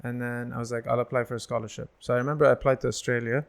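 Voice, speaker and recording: Man, 30s, comedian guest, very fast talker, plays out the people in his stories. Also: medium pitch, vocal fry. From United Arab Emirates. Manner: animated storyteller who acts out other people's lines. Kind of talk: casual podcast storytelling.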